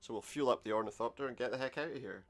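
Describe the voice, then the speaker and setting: A man's voice: medium pitch, rapid-fire, a bit bright, soft background music. A man playing through an adventure game, commenting wryly and reading the dialogue aloud. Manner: wry, sarcastic asides. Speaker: let's play gamer.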